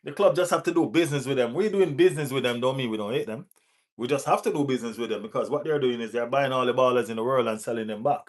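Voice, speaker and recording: A man with a West Indian accent hosting a live football watch-along, giving shout-outs to viewers in the chat, laughing and teasing rival fans. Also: mid-range voice, fast talker. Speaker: football channel host.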